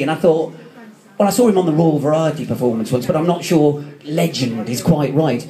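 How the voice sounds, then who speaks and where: A man's voice: fairly high pitch, brisk, warm tone. A man giving a chatty, joking memorial speech to a crowd in a theatre foyer. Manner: chatty, joking, self-mocking. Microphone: phone camera in the audience.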